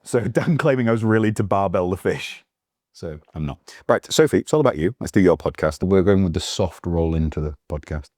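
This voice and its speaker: A man's voice: sits low, lively intonation, fairly quick, darkish tone, dry recording, studio quality. A man hosting a podcast, joking around easily before asking his guest questions. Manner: joking, easygoing banter. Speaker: podcast host. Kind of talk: casual podcast interview.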